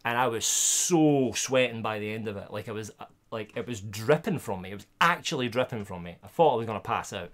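Give me a chatty Scottish guy streaming a pack opening, with excited outbursts. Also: fairly low pitch, a little fast. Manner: chatty and excitable, bursts of loud delight. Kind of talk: casual live-stream card opening, chatting to viewers.

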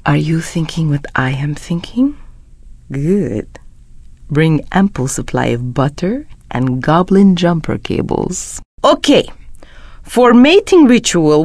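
Lively hoofed alien lady. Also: a little high, no room sound, clean studio sound. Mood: joking. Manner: formal phrasing with dropped articles, flirty jokes. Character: adult female Draenei, hoofed alien, formal and playful. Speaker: game character voice. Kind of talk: game voice lines.

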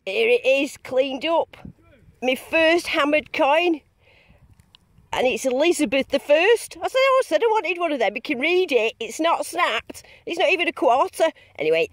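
A woman vlogging a metal detecting dig outdoors, chatting in a bubbly, excitable way and repeating herself in delight. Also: high voice, normal speed, no room sound. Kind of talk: excited casual running commentary.

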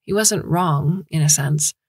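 A woman narrates a short story as a scripted audiobook reading, measured and steady. Her voice is low and slightly husky, and the recording is close and dry with no room sound. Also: no room sound.

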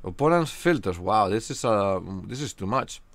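A man's voice: lowish voice, expressive, moderate pace, dry recording. Chatty man with a Spanish accent. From Spain. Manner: chatty, joking, many filler hesitations. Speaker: streamer. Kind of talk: casual live game-stream chat.

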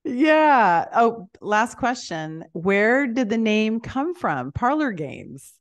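A woman's voice: fairly high pitch, very animated, slow. Chatty, playful woman host. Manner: chatty, playful, laughs often. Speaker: podcast host. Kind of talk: casual interview chat.

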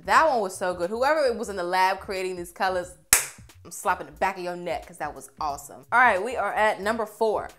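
A young woman reviewing makeup on camera in a chatty, expressive way, gushing over what she tries. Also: medium pitch, fairly quick, music in the background. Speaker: beauty vlogger.

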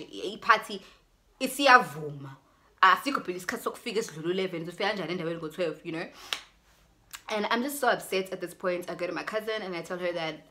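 A young South African woman telling a personal story in a casual vlog, acting out both sides of the conversations. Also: on the low side. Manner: animated, switches into Zulu phrases, acts out both sides of conversations. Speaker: YouTuber.

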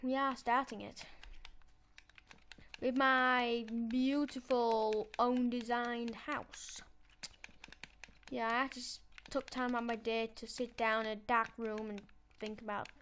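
A woman's voice: on the high side, flat delivery, slow pace, fairly bright tone, a little hiss or hum. A woman giving chatty let's-play commentary, talking to herself as she builds and playfully gloating at the game. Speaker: gameplay channel host.

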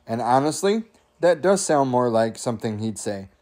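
A man's voice: mid-range voice, sing-song, normal speed, warm tone. A man reads a humorous memoir aloud in a casual, easygoing way. He chuckles often and breaks off for chatty asides to his listeners. Now and then he has to cough. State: coughing at times. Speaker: audiobook reader.

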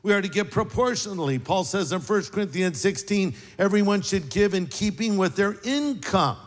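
An older man preaching a sermon as pastor, an animated storyteller with wry, sarcastic asides. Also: high voice, moderate pace, long reverb tail.

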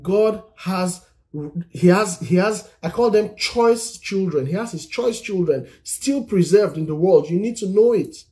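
Male preacher, slightly high and mellow voice, earnest encouraging teaching on a phone live stream. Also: lively intonation, a little slow. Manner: earnest, repetitive exhortation, reads scripture aloud. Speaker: Christian teacher on singles and marriage. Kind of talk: encouraging sermon-style teaching.

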